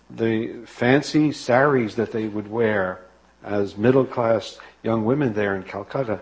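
A man preaching, earnest and measured, urging listeners to humility. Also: mid-range voice, slightly rough, dry recording, low-quality recording. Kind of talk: sermon.

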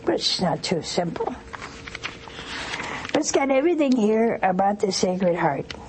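An older woman, a nun, leads a devotional call-in broadcast at a slow, deliberate pace. She speaks earnestly and stirs her audience with repeated questions. A faint hiss sits under her voice. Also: medium pitch, very animated. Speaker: nun hosting a call-in TV show. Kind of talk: televised devotional teaching with call-in.

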